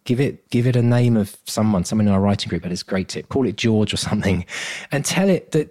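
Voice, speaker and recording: A man's voice: fairly low pitch, animated, fairly quick, mellow. A man co-hosting a podcast as a coach, talking in an earnest, motivational way and laughing often. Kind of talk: casual chat.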